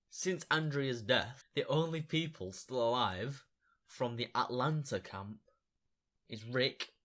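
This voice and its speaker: Young guy rambling about a comic issue, super excitable, bright voice. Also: mid-range voice. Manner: excitable, chatty, fan enthusiasm. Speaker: comic book reviewer. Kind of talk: casual video review.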